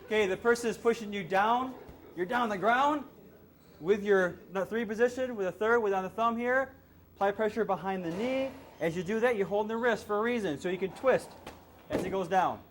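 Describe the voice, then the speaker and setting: A man's voice: sits high, a little fast, slight background noise. A male self-defense instructor coaching a hands-on class with short, repeated commands.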